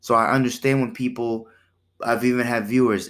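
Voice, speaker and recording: A man talks through his podcast in a loose, conversational monologue at an ordinary middle pitch. He keeps it animated, checks in with the listener, and slips into other voices for the exchanges he retells. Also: moderate pace. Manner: animated, acts out quoted exchanges in shifting voices; conversational, with repeated "right?" and "you know". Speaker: podcast host.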